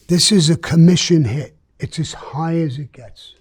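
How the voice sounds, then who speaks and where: A man's voice: a little high, unhurried, slightly rough. An older man, telling a story in an interview in a blunt, streetwise way and acting out the dialogue. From New York.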